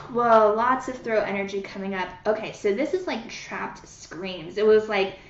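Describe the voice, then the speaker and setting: A woman's voice: medium pitch, unhurried. A woman leading a live-streamed guided healing session, speaking soothingly and greeting viewers by name, with many fillers. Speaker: energy healer leading a live group session. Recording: roomy, dull lo-fi sound.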